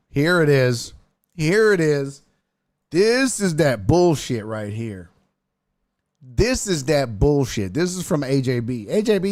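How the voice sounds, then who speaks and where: A man's voice: a little high, no room sound. A man hosting a casual live-streamed sports show, ranting and cursing freely. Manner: profane, ranting, animated.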